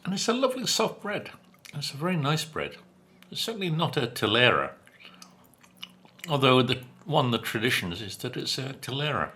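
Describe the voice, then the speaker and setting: A man with a medium-pitched, sing-song voice, sharp in tone with a breathy edge, reviews takeout food mid-meal. He's a food vlogger who chats unhurriedly with a dry sense of humor. Between remarks come chewing sounds and hums.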